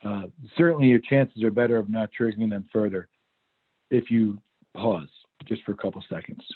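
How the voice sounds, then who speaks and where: A man's voice: lowish voice, moderate pace, husky. Man presenting over a tinny call line. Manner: conversational storytelling. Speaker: workshop presenter. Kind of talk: online workshop talk. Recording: phone-like video call audio.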